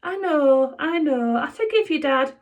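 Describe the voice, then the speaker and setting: Earnest kind young boy, a woman reader voicing him, raised pitch, eager storybook tone. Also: animated, measured pace, highs cut off.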